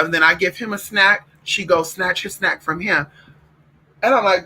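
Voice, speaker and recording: A man's voice: high-pitched, normal speed, pushed and bright, low-quality recording. A man chatting casually to his viewers in a sassy, campy, profane way, calling them girl and honey and breaking off to fuss at his dogs. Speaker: vlogger. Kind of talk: casual livestream chat.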